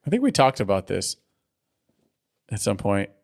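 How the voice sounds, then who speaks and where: A man's voice: on the low side, huge pitch swings, moderate pace, creaky, darkish tone. A man co-hosting a podcast, casually recapping a cartoon episode with lots of swearing, fillers and laughter. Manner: profane, laughing, trailing off with fillers. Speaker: podcast co-host.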